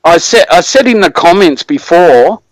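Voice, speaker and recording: A man's voice: high voice, lively intonation, normal speed, no echo, poor audio. Profane Australian man calling in. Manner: profane, slangy, laid-back. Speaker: caller. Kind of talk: casual chat.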